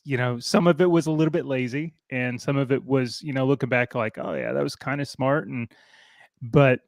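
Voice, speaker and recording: A man hosts a podcast at a middle pitch. He tells stories haltingly and stumbles over repeated words. His voice sits dry and close, without any roominess. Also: no echo. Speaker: podcast host. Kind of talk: casual conversation.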